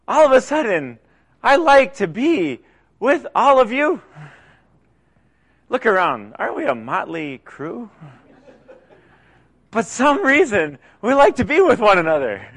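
A man preaching a conversational sermon, often dropping to soft, quiet asides. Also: very high-pitched. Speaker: pastor.

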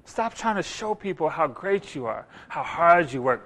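A man preaching a sermon, animated, acting out voices and rising loud for emphasis. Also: high-pitched, slow pace.

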